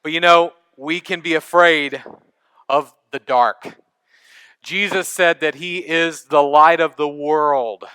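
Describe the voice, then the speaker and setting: Bright-voiced Texan pastor preaching. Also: male voice, a little high, fairly even intonation, takes it slowly, clean tone, dry recording. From East Texas. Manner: conversational preaching, engages congregation. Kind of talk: sermon.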